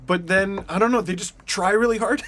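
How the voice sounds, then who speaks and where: A young man hosting a sports podcast, arguing heatedly and mocking fans in shouted voices. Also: high voice, fairly quick, slight background noise. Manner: animated, mocks fans in shouted put-on voices. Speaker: podcast host.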